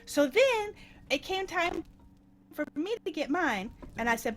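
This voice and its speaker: A woman with a high voice tells a long story to friends during a game stream. She talks in an animated, giggly way, her pitch swinging widely, with frequent restarts as she rushes ahead. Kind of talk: casual storytelling chat during gameplay.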